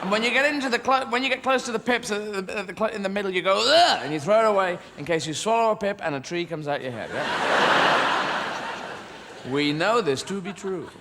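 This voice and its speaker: High-voiced rambling stand-up comedian. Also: male voice, fast. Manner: rambling, absurd, swearing, lots of voices. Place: stage at a live show. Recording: live show with loud background noise.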